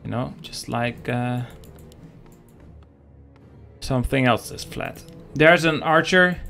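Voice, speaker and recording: A man's voice: medium pitch, expressive, slow pace, creaky, pushed and bright, soft background music. A man casting a live strategy game match, joking and chatting with his viewers. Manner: joking, chatty, talks to the chat. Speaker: game caster. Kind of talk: live esports commentary.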